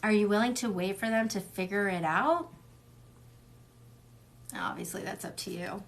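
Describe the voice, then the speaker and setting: A woman's voice: medium pitch, moderate pace, pauses often. Chatty young woman reading tarot. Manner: chatty, wanders off on tangents; blunt and salty, swears freely. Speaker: tarot reader. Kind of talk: casual tarot reading livestream.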